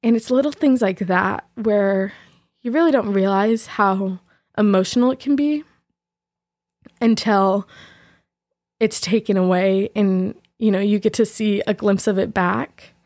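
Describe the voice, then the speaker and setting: A woman's voice: medium pitch, a little slow, no echo. Woman telling a personal story, dry sound. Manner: reflective, candid, laughs softly between thoughts. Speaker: podcast host.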